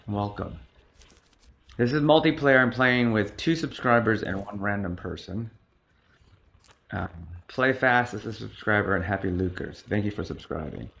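A man hosting a casual livestream, chatty and greeting viewers over and over while he plays a board game. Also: fairly bright tone. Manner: chatty, greets viewers repeatedly, sings high hellos. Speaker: livestream host. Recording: dull lo-fi sound with faint noise.

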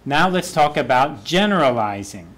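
A man's voice: medium pitch, big pitch swings, normal speed, a bit bright. A man who is a university professor, giving a classroom lecture and repeating key phrases for students to echo.

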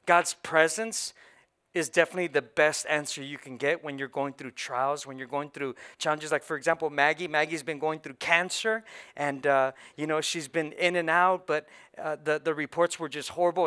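A man preaching a sermon as pastor, talking straight to the congregation with conversational asides, swinging from loud emphatic peaks to low, quiet questions. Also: normal speed, smooth. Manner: energetic, rising to loud emphatic peaks then dropping low; conversational asides and audience call-and-response.

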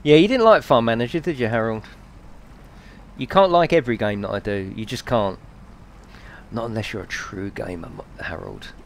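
A man's voice: medium pitch, expressive, moderate pace, long pauses, a little hiss or hum. A man live-streaming a video game, chatting playfully with his viewers, reading their messages aloud and laughing often.

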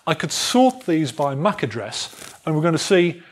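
A man lecturing a student society on wifi security in a jovial, animated way, acting out phones calling for networks. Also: fairly high pitch, moderate pace. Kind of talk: technical talk to a student society.

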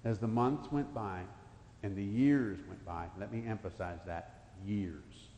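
A man in his fifties preaches a sermon in a church sanctuary, his voice lowish, dark-toned, animated and a little slow. His personal story comes in folksy speech that swells into emphatic bursts, recorded in an echoey church hall.

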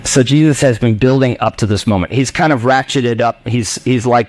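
A man preaching a sermon as pastor in a church, animated and jokey, acting out voices of his listeners. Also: medium pitch, fairly quick.

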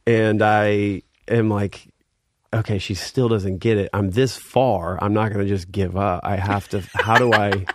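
With a voice on the low side, a steady tone, and a slightly slow pace, this thirtysomething guest musician spins a casual story over a little hiss or hum. Filler words pile up in his relaxed delivery, but his energy rises when he acts out scenes.

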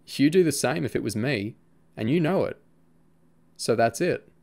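A man's voice: medium pitch, animated, moderate pace, creaky, darkish tone, voice pushed up. A man voicing a defensive, troubled young boy who sulks and pleads with his friend. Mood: pleading. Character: defensive troubled twelve-year-old boy.

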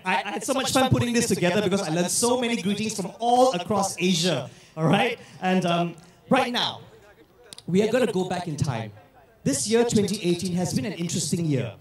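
A man hosting a crowd game on stage with lots of energy, shouting and repeating words quickly over the crowd. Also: high-pitched, recorded from a distance. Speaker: event host. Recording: echoey hall, heard from afar.

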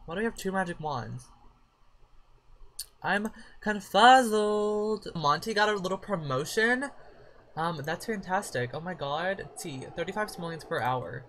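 A woman hosts her own let's-play, rambling at the game in a relaxed, casual way. Her voice has a bright, forceful edge. She curses freely and now and then breaks into excited shrieks. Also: fairly low pitch, normal speed. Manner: chatty, profane, with sudden shrieks of surprise. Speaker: gaming channel host.

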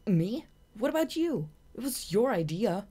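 A woman's voice: low-pitched, big pitch swings, darkish tone. A woman reading an audiobook, voicing a young male bat who is a hot-tempered, boastful runt. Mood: queasy, protesting. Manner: eager, boastful, quick to take offense.

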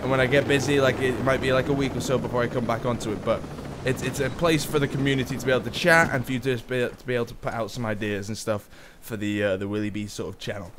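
A young man, a gaming YouTuber, chatting casually through gameplay with quick surprised exclamations. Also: medium pitch, fairly even intonation, noisy background. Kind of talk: live gameplay commentary.

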